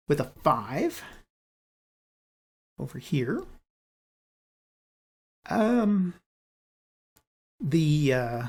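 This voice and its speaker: A man's voice: on the high side, a little mellow, breathy edge. A man narrating his own solo board game playthrough, thinking aloud as he rolls dice and moves pieces. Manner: unhurried, thinking aloud while rolling dice. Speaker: board game channel host.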